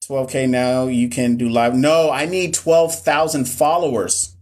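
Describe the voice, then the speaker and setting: A man's voice: mid-range voice, fairly even intonation, a little slow, darkish tone. A man, hosting a casual live stream as a nursing tutor, reading viewer comments and chatting with many restarts. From Southern US.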